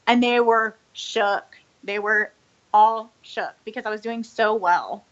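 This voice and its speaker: A woman's voice: medium pitch, slow, dull audio, a little hiss or hum. A young woman in her twenties, a former business owner, telling her story in a candid interview, rambling with many "like"s and "you know"s and acting out what people said. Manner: rambling, frequent "like" and "you know", acts out quoted lines.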